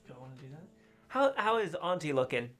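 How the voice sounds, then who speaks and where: A man playing a tabletop game, speaking casually in a hesitant, deliberate way. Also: fairly high pitch, sing-song, a bit bright, faint music behind. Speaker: player.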